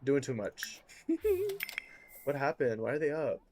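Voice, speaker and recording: Woman streamer, very deep voice, chatty live commentary over a game, quick reactions and repeated phrases, faint hiss behind. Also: darkish tone. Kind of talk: casual gameplay commentary.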